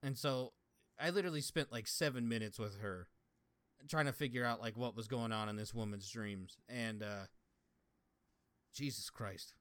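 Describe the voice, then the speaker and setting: A man's voice: medium pitch, moderate pace, pauses often, fairly bright tone, clear, resonant tone, no echo. A young man co-hosting a podcast, telling rambling stories in casual chat and swearing often. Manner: rambling storytelling with frequent swearing. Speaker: podcast co-host.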